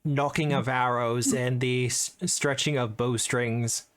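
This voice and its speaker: A man as game master, narrating a tabletop game in a relaxed, descriptive way with small hesitations. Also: mid-range voice, slow pace.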